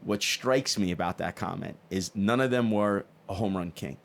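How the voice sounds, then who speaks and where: A man's voice: deep voice, normal speed, vocal fry. A middle-aged man hosting a podcast, asking long, chatty questions with enthusiasm. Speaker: podcast host. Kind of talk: casual interview chat.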